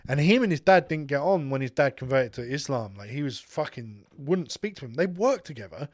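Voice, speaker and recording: A man's voice: mid-range voice, animated, a little fast, darkish tone. A man telling a rambling, swear-filled story in a casual chat. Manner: rambling, profane storytelling with asides. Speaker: podcast co-host telling a story.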